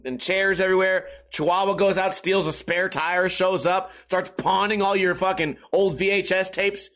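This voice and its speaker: A man's voice: high voice, fairly bright tone. A man hosting a casual solo podcast, rambling in a profane, sarcastic, self-mocking way. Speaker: podcast host.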